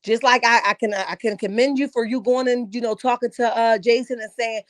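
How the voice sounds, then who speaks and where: A woman's voice: a little high, steady tone, a little fast, no room sound. A woman giving blunt, opinionated commentary on a reality show, preachy and casual.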